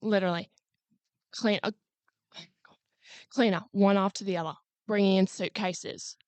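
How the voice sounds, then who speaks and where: A woman's voice: medium pitch, steady tone, unhurried, a little mellow, no echo. A young woman, co-hosting a podcast and recounting events in chatty, swearing casual talk. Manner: chatty storytelling, swears freely. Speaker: podcast co-host. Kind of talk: casual chat.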